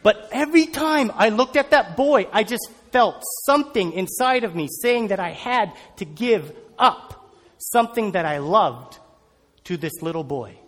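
A man telling a personal story as a sermon, animated and acting out scenes. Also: sits high, unhurried, long reverb tail.

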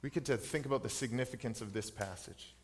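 A man's voice: medium pitch, fast talker. A man in his thirties preaching a sermon as pastor, earnest, personal and reflective. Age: 30s. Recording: long hall reverb.

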